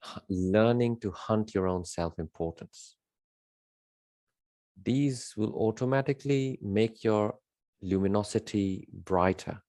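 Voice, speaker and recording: A man's voice: fairly low pitch, slow, warm tone, dry recording, clean studio sound. A man giving an unscripted spiritual monologue, emphatic and rambling, repeating his key words with many fillers. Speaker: spiritual teacher.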